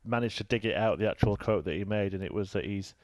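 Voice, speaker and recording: A man commentating on a darts match in a chatty, relaxed way. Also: lowish voice, quick pace, dry recording. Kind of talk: live sports commentary.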